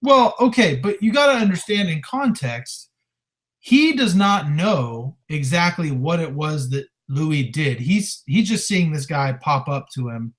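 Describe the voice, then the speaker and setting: A man's voice: fairly high pitch, expressive, unhurried. A man co-hosting a podcast, talking casually and animatedly about a show and defending his view. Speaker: podcast co-host. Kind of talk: casual film discussion.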